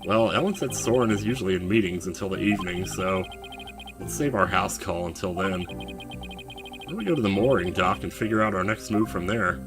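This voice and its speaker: A man voicing a calm young male defense attorney in a level, measured delivery. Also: deep voice, over music, pitched below the performer's own voice.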